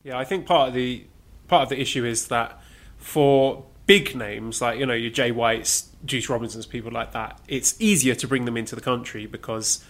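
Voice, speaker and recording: A man co-hosting a casual podcast chat, measured and dry in his humor. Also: mid-range voice. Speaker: podcast co-host.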